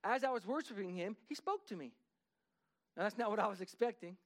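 A man with a notably high voice delivers a sermon in a church sanctuary. He talks earnestly and conversationally, his intensity climbing as he urges the congregation on. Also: expressive, brisk. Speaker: pastor.

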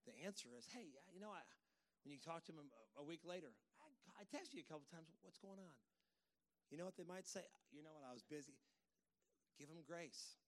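A man's voice: fairly high pitch, lively intonation, a little fast. A middle-aged man preaching a conversational sermon as a pastor, emphatic, with folksy asides.

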